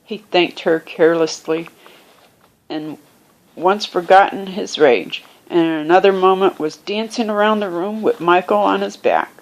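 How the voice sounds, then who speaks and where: A woman reading a children's classic aloud, unhurried, lifting her voice for the characters and pausing now and then to find her place or explain a word. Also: fairly low pitch, poor audio. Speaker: reader. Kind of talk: amateur audiobook reading.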